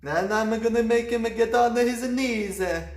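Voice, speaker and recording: A man's voice: very high-pitched, a little slow, pitched above the performer's own voice. A man voicing a fretful middle-aged male priest with a mock Italian accent, stammering and hesitant. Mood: eager. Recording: roomy echoey room.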